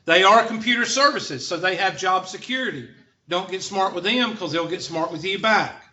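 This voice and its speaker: A man's voice: high-pitched, moderate pace, bright, forceful tone. Sarcastic man teaching math. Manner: sarcastic, joking teacher talk. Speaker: math instructor. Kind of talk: classroom lecture. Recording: dull lo-fi classroom recording with faint noise.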